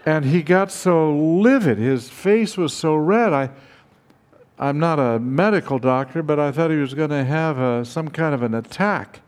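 An older man slowly telling a personal story, acting out the dialogue with dramatic pauses. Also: a little high, darkish tone. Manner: slow, dramatic retelling with acted dialogue. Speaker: speaker recounting his teaching past.

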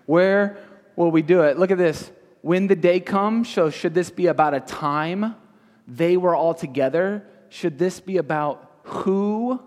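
Question after question comes from this pastor as he teaches young people gathered in a big hall. He has a high voice with a darkish tone, and the space rings with reverberation.

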